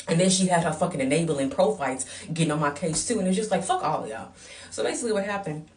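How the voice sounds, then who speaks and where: Woman, low voice, storytime rant, blunt, profane, emphatic, a bit far from the mic. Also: fast. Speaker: vlogger. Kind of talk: ranting storytime.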